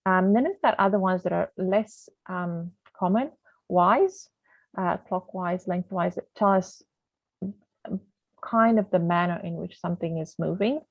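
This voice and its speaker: A woman's voice: lowish voice, unhurried, no echo. Woman teaching grammar over a tinny line. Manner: chatty, loses her thread, many ums. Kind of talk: grammar lesson over slides. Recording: tinny phone-like, dry sound.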